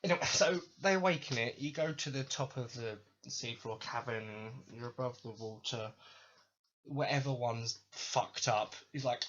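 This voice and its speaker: A man's voice: mid-range voice, normal speed, a bit bright. Sweary, sarcastic man ranting. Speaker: podcast host. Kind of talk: ranting video game commentary. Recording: dull lo-fi recording.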